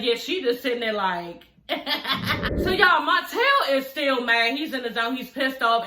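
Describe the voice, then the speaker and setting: A woman's voice: on the high side, sharp tone, roomy sound. A woman, recapping a reality TV show in a casual chat, sassy and blunt, swearing and laughing often.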